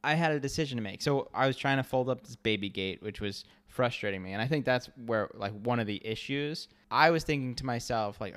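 A young adult man co-hosting a podcast in casual chat, laying out his points calmly and laughing often. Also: medium pitch, fairly quick, hardly any pauses, clear, resonant tone. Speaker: podcast co-host.

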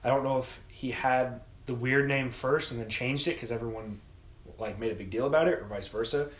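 A man's voice: medium pitch, fairly quick, echoey room. A young man rambling casually in group chat, full of "like" fillers and swearing. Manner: rambling, profane, lots of likes.

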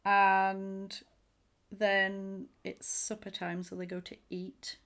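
A woman's voice: mid-range voice, monotone, slow, fairly bright tone. A woman chatting casually as a podcast co-host, retelling film scenes and anecdotes with quoted voices. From England. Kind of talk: casual chat.

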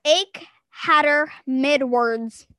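A young woman hosting a casual podcast chat, excitable and giggly. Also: sits high, drawn-out words. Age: young adult. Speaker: podcast host.

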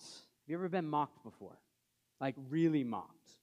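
A male pastor preaching a sermon in a conversational way, asking the congregation questions and dropping soft for scripture readings. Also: on the high side, lively intonation, unhurried.

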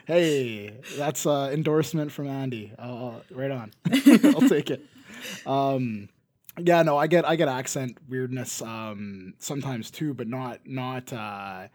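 A man with a Canadian accent chatting loosely as a podcast co-host. He rambles, circles back on himself and restarts sentences as he goes. His pitch sits at an ordinary middle level for a man. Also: lively intonation, slow, darkish tone. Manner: rambling, restarts often, laughs between remarks. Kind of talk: casual chat.

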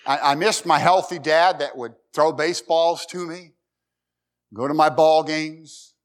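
A middle-aged man preaching a sermon, folksy and emphatic, climbing to loud high peaks and repeating words. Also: steady tone, a little slow. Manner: emphatic, rising loud at key points. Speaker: pastor.

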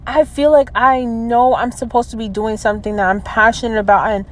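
A woman in her early twenties venting in a personal vlog. She talks hesitantly, with many fillers and trailing restarts, and sounds low and close to tears. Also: fairly even intonation, a little fast, a little hiss or hum, poor audio. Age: 20s. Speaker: vlogger.

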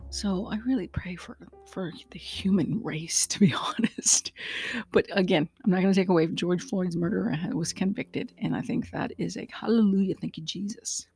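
Outspoken woman host, warm mellow tone, mid pitch, faint music under her. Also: normal speed, vocal fry. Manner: earnest, outspoken, with frequent fillers and asides to listeners. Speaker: podcast host. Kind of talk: casual solo podcast monologue.

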